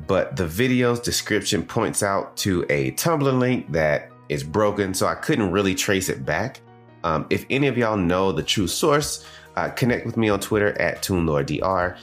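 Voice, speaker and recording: A man from the American South with a Southern accent, giving a casual spoken review as a show host, chatting with asides to his audience. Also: deep voice. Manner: conversational, with digressions and asides to the audience. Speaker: anime reviewer and podcast host.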